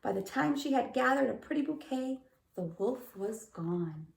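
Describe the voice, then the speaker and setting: A woman reading a fairy tale aloud to young children, expressive and dramatic. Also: high-pitched, a little slow, vocal fry, far from the mic. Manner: expressive, gasping and wondering aloud. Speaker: preschool teacher. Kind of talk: storybook read-aloud for children. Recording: roomy echo.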